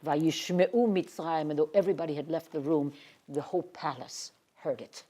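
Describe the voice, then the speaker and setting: A woman giving a Torah lecture. She reads Hebrew verses and then translates them, sinking to a hushed whisper on emotional words. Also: deep voice, normal speed. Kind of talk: expressive Bible lecture.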